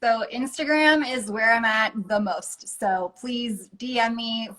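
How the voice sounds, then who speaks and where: A woman, a life coach, talking as a guest in a casual interview, earnest and enthusiastic and quick to laugh. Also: fairly high pitch, a bit bright, poor audio.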